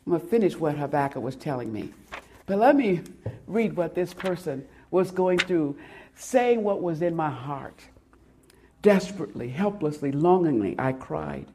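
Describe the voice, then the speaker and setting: A woman preaching a sermon and reading a poem aloud. She speaks dramatically, swelling loud and then dropping to hushed, near-whispered lines. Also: low-pitched, lively intonation, moderate pace, slight background noise.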